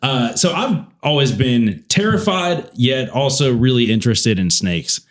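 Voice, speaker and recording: Casual young male podcast host, mid-pitched, tells stories with laughs. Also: unhurried. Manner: animated storyteller, laughs often mid-sentence. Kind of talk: casual chat.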